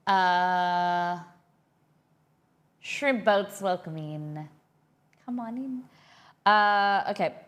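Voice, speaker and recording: A woman's voice: fairly low pitch, very slow, pauses often, fairly bright tone. Chatty woman streaming live. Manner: chatty and rambling, reading chat aloud. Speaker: cooking livestreamer. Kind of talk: casual livestream chat with viewers.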